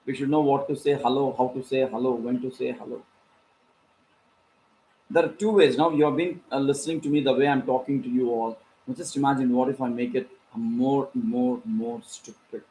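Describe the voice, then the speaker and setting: A man with an Indian English accent giving an online soft skills lecture to students, animated and rhetorical, with repeated questions for emphasis. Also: medium pitch, a little hiss or hum, poor audio. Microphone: video call.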